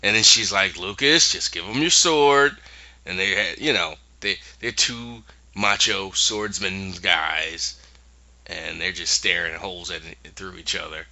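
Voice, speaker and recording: A man's voice: sits low, steady tone, unhurried, sharp tone, muffled recording. A man casually recapping a TV episode and acting out the characters' lines in voices. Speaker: podcast host recapping a TV episode.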